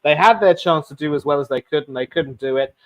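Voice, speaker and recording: A man hosting a casual sports chat, talking in an animated way with many fillers and restarts. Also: fairly high pitch, fast. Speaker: sports show host.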